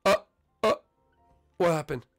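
A young man hosting his gaming channel, giving excitable, trash-talking commentary on his own play. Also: on the high side, measured pace, faint music behind.

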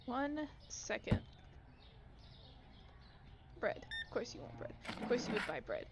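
A woman's voice: on the high side, very animated, takes it slowly, pauses often, noisy background. A young woman giving casual gameplay commentary, sarcastic and exasperated, griping at customers and dropping into mutters. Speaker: gaming YouTuber.

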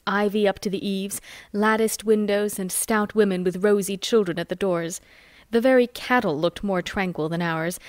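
A woman reading a novel chapter aloud with lively, expressive storytelling. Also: medium pitch, no echo, studio quality. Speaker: audiobook reader.

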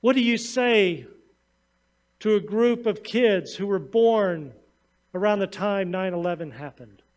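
A man's voice: sits high, unhurried, darkish tone. A man pastor preaching a sermon, reading scripture and then telling stories to his congregation. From United States. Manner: storytelling sermon, reads scripture then tells anecdotes.

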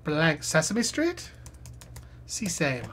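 A woman solves a crossword on a live stream, reading each clue aloud and muttering her guesses. Her voice is low and husky. She talks slowly, but her pitch swings widely as she thinks. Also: huge pitch swings, a bit bright.

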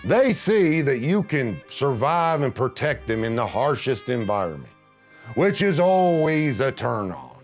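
Middle-aged man, deadpan macho narration, slow delivery, soft guitar behind. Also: medium pitch. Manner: gruff macho pronouncements, deadpan. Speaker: comedy narrator. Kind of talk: scripted deadpan comedy narration.

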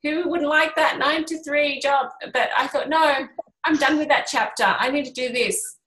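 A woman's voice: high-pitched, normal speed, slight background noise. A middle-aged woman, an energy healer, chatting to a small group and acting out quoted voices as she tells stories. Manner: animated storytelling, acts out quoted voices. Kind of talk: casual workshop chat. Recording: roomy echo.

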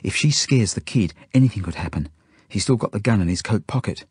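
A man reading his own novel aloud as audiobook narration, in a steady, plain first-person storytelling manner. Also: on the low side, brisk, husky, dry recording, studio quality.

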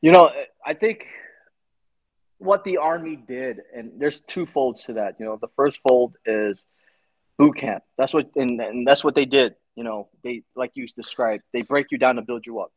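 A man's voice: mid-range voice, moderate pace, dry recording, highs cut off. A man in his forties, a former Army Ranger, telling his story in a casual interview, blunt and swearing freely. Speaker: podcast guest, Army Ranger veteran.

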